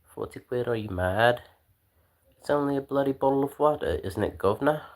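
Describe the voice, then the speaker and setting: A man's voice: mid-range voice, fairly quick, darkish tone, pitched above the performer's own voice, close to an everyday voice. A man putting on a British accent to play an indignant British man complaining about a price. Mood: outraged. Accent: British, put on. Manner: outraged, exclaiming. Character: indignant British man haggling over water.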